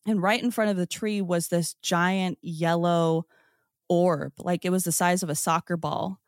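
A woman guest on a podcast, telling her own story in a casual, excited way, with lots of "like" and "um". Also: fairly low pitch, measured pace, no room sound, clean studio sound. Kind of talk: casual first-person storytelling.

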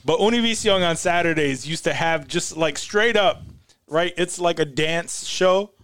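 A man with a fairly high, smooth and clear voice trades banter on a casual podcast. He talks in an animated way, laughs often and trips over restarts. The sound is close and dry. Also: unhurried, dry recording. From Hispanic background. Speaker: podcast co-host. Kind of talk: casual chat.

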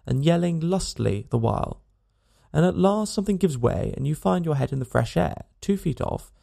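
A man's voice: a little high, gravelly, warm tone. A man narrating a comic novel as an audiobook, with dry, wry storytelling.

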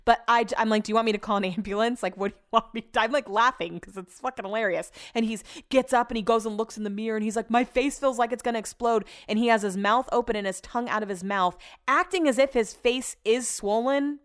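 A woman's voice: medium pitch, fast, hardly any pauses. Chatty young woman telling a funny story. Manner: chatty, laughing, swears freely. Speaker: vlogger. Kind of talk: casual storytelling to viewers.

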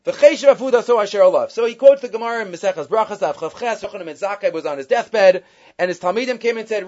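A man's voice: high voice, animated, fast talker, darkish tone, muffled recording. A man giving a Torah class, retelling stories and weaving Hebrew quotations into his English. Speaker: Torah teacher.

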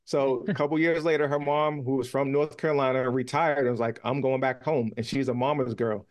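Man guest, mid pitch, easygoing storyteller, casual interview. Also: fairly even intonation, brisk.

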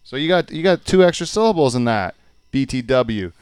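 A man's voice: mid-range voice, lively intonation, fairly quick, a little mellow, clear, resonant tone, no echo. A middle-aged man hosting a podcast, ranting and exasperated in casual chat and swearing freely. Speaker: podcast host.

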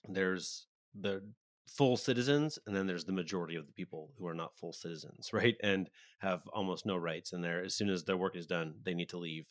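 A man's voice: low-pitched, no room sound, studio quality. A man talking on a podcast in a rambling way, often trailing off mid-thought. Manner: rambling, frequent fillers and trailing off. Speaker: podcast guest and site editor. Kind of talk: casual podcast talk.

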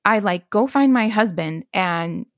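A woman's voice: mid-range voice, lively intonation, a little slow, dry recording, clean studio sound. A woman in her thirties telling a dream story in casual chat, rambling with lots of "like" fillers. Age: 30s. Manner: rambling, many "like" fillers, acts out quotes.

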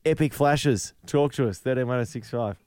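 A lively, excitable man co-hosting a radio show, often cutting in. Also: mid-range voice, normal speed, no echo, clean studio sound. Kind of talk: breakfast radio banter.

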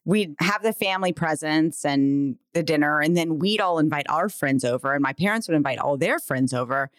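A woman, co-hosting a podcast in casual chat and leading the rapid-fire questions. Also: low voice, dry recording, clean studio sound. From Texas. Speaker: podcast co-host.

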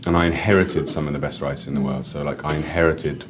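Deep-voiced rambling male author. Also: fairly even intonation, fast talker, noisy background. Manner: rambling and enthusiastic, many restarts and "like"s. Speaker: author and editor, guest. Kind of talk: casual interview and reading aloud.

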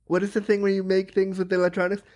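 Animated, laughing man host. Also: high-pitched, fast talker. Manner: animated, laughs often, trails off and restarts. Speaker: podcast host; power wheelchair user. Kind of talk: casual chat.

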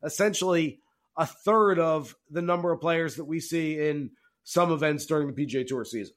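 A man hosting a golf betting podcast, chatting casually and telling stories with animated jokes. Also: a little high, normal speed. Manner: animated, jokey storytelling. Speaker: podcast host.

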